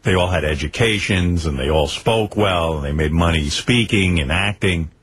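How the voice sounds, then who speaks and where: A man's voice: deep voice, normal speed, noisy background. A man hosting a radio talk show, rambling and self-deprecating as he chats in the studio. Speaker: radio host.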